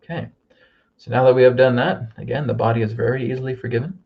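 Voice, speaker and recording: Man, gravelly voice, leads a guided healing meditation over muffled lo-fi audio, calm check-ins. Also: medium pitch. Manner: slow, soothing instructions with frequent "okay?". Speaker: healer leading a group healing.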